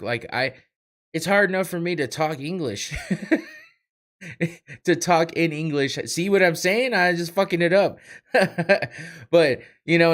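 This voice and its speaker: A man's voice: medium pitch, a bit bright. A young man hosting a casual solo podcast, talking over a live fight with rambling, profane, self-mocking chatter and frequent laughs. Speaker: podcast host. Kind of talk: casual solo watch-party commentary.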